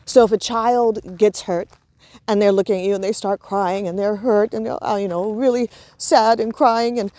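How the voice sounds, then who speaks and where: A woman's voice: mid-range voice, fairly even intonation, moderate pace, dark tone, dry recording. A woman giving an informal spoken lesson on parenting, explaining with examples and filling her talk with "you know" and "right". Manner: explains with examples, acts out soothing talk to a child. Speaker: parenting and emotions teacher.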